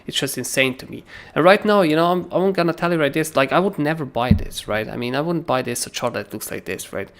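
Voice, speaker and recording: A man hosting a crypto trading livestream, talking through charts in a casual, animated way and often asking "right?". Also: a little high, fast, hardly any pauses.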